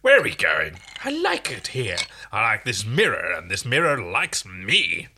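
A man's voice: on the low side, huge pitch swings, unhurried, bright, forceful tone, breathy edge, voice pushed down, exaggerated voice. A man doing a vain, pompous alien royal. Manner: drawling and self-admiring. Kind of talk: comic fan fiction reading.

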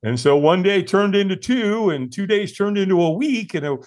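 A man in his sixties from the United States, a podcast guest telling his own story in an earnest, animated way with frequent fillers and restarts. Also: high-pitched, normal speed. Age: 60s. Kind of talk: conversational storytelling interview.

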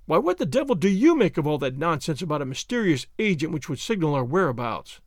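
A man reading aloud, voicing a calm, imperturbable gentleman who brushes off his friend with testy scorn. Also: a little high, fast, no echo, studio quality. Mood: dismissive. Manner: dismissive, testy.

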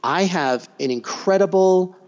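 Animated middle-aged man telling stories. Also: high voice, a little slow. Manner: animated storyteller acting out quoted voices. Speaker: guest. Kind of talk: conversational interview. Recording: dull, slightly lo-fi recording.

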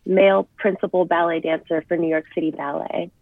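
A woman's voice: fairly low pitch, flat delivery, fairly quick. A young woman wrestler, chatting as an interview guest and telling stories in an upbeat way. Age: young adult. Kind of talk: casual interview chat. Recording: tinny phone-like line.

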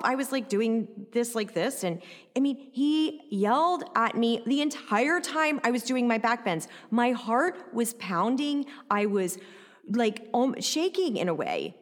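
A woman recounting a personal story in an animated, conversational way, often adding "like" and "right?". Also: on the high side, unhurried, big-room sound.

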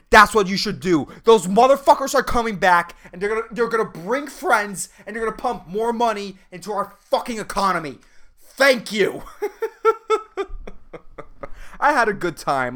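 A man from Puerto Rico rants through a comedy podcast monologue, swearing freely and sounding fed up. His pitch swings up and down as he builds the bit, with a loose, animated delivery. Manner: profane, animated, exasperated. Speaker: podcast host. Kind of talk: comedic rant.

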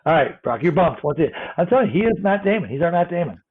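Guy cohosting a podcast, husky voice, sounds like a phone line, laughs a lot. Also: a little high, rapid-fire. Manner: animated, swears and laughs often. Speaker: podcast co-host. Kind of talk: casual chat.

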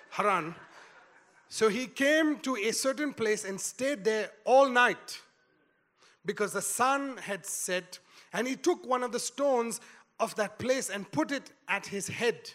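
A man preaching a sermon, retelling a scripture story in a storytelling way and building to loud emphasis. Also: high voice. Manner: storytelling, acts out quotes, rising to loud emphasis.

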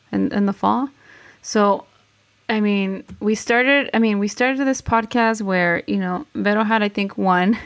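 A woman, co-hosting a podcast in casual chat, moving between English and Spanish with many fillers. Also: medium pitch. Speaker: podcast co-host.

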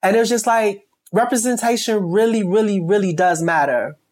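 A man's voice: sits high, moderate pace. A man from Chicago with a Chicago accent, a stylist talking candidly as an interview guest, emphatic and rambling with many restarts.

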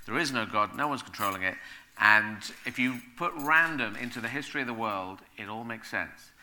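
Man, very bright tone, animated rambling guest at a live event. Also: medium pitch, brisk. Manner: rambling, animated, laughing as he talks. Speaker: guest speaker. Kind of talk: onstage conversation at a live event.

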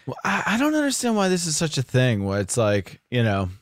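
A man co-hosting a comedy podcast riffs and teases with an animated, bouncy delivery, his pitch jumping around freely. The sound is dry and close, with little room around it. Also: brisk, no echo. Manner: animated, teasing, laughs often. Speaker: podcast co-host. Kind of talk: casual comedic chat.

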